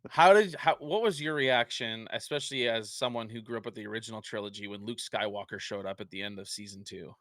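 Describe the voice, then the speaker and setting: A man's voice: fairly low pitch, quick pace, few pauses, a bit bright, no echo, clean studio sound. A man hosting an interview, chatting eagerly like an enthusiastic fan. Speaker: host. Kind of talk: casual interview chat.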